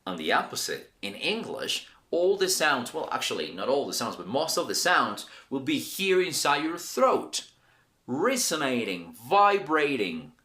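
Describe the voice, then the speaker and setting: Lively, bright-voiced male English teacher. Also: mid-range voice, measured pace. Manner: upbeat, encouraging, talks straight to viewers; stretches and repeats sounds to demonstrate them. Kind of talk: online pronunciation lesson.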